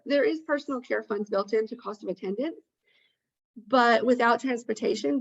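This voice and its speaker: A woman's voice: mid-range voice, vocal fry, highs cut off. A woman presenting on a webinar, talking through a list of points in an earnest way with frequent ums. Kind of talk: informational webinar talk. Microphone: video call.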